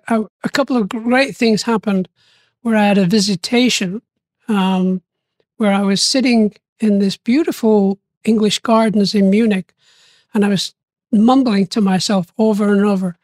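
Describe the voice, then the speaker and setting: An older man telling stories in an interview, animated and lively, often acting out what people said and laughing along. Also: sits high, moderate pace, no room sound. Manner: animated, acts out quoted voices, laughs often. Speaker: interview guest. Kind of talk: storytelling interview.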